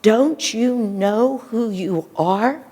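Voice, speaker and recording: A woman's voice: a little high, lively intonation, slow, creaky, dark tone, husky, pitched above the performer's own voice, full character voice. A woman voicing a bold male monkey who rouses his companions with urgent, challenging questions. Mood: rousing. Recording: long hall reverb.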